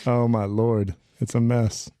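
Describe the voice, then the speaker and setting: A man's voice: medium pitch, slow pace, smooth, no room sound, clean studio sound. A man co-hosting a casual podcast, telling stories with enthusiasm. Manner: enthusiastic, animated storytelling. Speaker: podcast co-host who edits the show.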